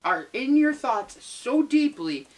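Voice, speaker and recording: A woman's voice: sits high, sing-song, slow pace, a crowd in the background. A young adult woman co-hosting a casual chat, rambling with many fillers. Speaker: co-host.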